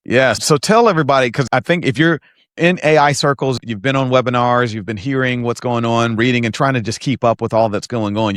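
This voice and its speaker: A man hosting a podcast interview in a relaxed conversational way, often affirming his guest. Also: mid-range voice, no echo, clean studio sound. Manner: affirming, conversational, frequent "mm" and "yeah". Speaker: podcast host. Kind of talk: casual interview chat.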